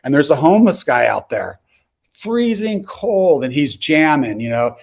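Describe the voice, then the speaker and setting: A man's voice: medium pitch, lively intonation, brisk, gravelly. An older man, a rock singer, telling rambling stories on a video call with lots of "you know" and "like". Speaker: rock singer, interview guest. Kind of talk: casual storytelling.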